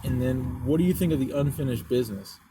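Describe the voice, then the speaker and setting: A man's voice: medium pitch, fast talker, background noise. A man riding along in a car, chatting casually, swearing freely and laughing easily. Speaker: passenger and podcast co-host.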